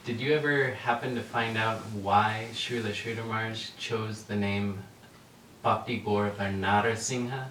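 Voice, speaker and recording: A man in the audience asking a respectful question in a soft voice. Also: lowish voice, fairly even intonation, unhurried. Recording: distant voice in echoey room with faint noise.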